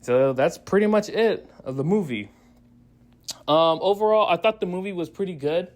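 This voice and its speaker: A man's voice: high-pitched, moderate pace. A man giving a casual spoiler review of a movie, rambling through the plot with frequent restarts and acting out quoted lines. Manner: laughs and acts out quoted lines.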